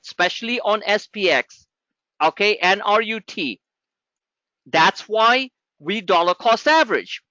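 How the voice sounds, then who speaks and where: A man's voice: high-pitched, pushed and bright, no room sound, dull audio. A man teaching a live trading class in a blunt, sarcastic, scolding way. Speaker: trading educator.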